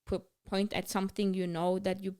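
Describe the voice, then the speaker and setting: A woman co-hosting a conversational podcast, with a smooth, clear voice of middling pitch. She speaks frankly and offers practical advice. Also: level tone, normal speed, a little mellow. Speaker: podcast co-host.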